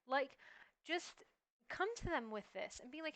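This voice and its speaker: A woman streamer chatting casually in reaction to a video, rambling and animated with lots of "like". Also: sits high, unhurried. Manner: rambling and animated, heavy use of "like".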